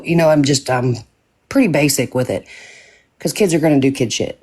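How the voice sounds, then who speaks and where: A woman's voice: extremely low pitch, moderate pace, warm tone. A middle-aged woman and mother chatting casually, blunt and swearing freely. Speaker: mother in a group chat. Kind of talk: casual chat.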